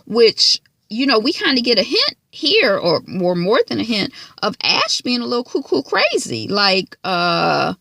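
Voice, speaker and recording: A woman's voice: fairly high pitch, wildly swooping pitch, measured pace, vocal fry, hardly any pauses, bright, forceful tone, no echo. A woman recording a casual TV episode recap from inside her car, telling it in a chatty way with lots of asides. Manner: chatty, filler-heavy storytelling with asides. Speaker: TV recap vlogger.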